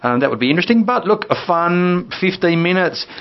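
A man co-hosting a board game radio show, talking in a relaxed, chatty way with many fillers. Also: high voice, fairly quick. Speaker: radio co-host. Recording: muffled radio broadcast.

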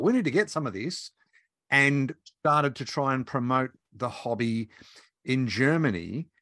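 A man hosts a podcast chat in a mid-pitched voice, asking questions in a relaxed, conversational way. The sound is dry and close, with no room echo. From Australia. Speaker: podcast host. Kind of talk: podcast interview.

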